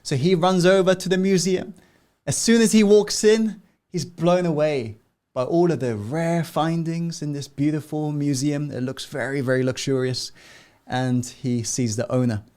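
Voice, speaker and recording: A man's voice: a little high, normal speed, a little mellow. A man narrating a motivational story in an earnest, dramatic way.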